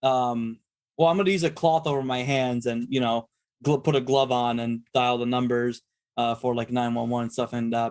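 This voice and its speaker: A man's voice: medium pitch, fairly even intonation, a little fast, a little mellow, clear, resonant tone, no room sound. A man in the middle of a tabletop game, talking through what his character does in a loose, rambling way. He circles back, restarts and fills the gaps with ums as he plans each move. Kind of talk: casual in-character narration of actions.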